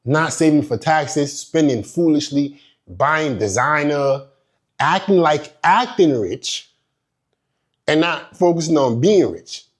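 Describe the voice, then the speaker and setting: Business coach guy, kinda high voice, swears a lot, blunt and emphatic, lecture vibe. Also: animated, slow pace. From immigrant. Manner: blunt, profane, emphatic storytelling. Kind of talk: candid course lecture with a personal story.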